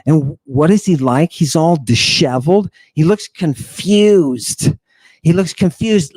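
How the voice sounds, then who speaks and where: A man hosts a talk show, lecturing on ancient texts with theatrical flair and mocking asides. His voice sits a little high and he speaks slowly and drawn out. The sound is dry and close, with no room echo. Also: a little mellow, husky. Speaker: podcast host.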